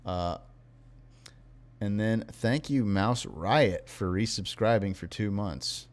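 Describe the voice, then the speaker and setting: Man, young adult, live streamer, tired, wry, slow-paced, lowish voice. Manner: wry, unhurried, reads viewer messages in playful voices. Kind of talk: live stream, reading chat aloud.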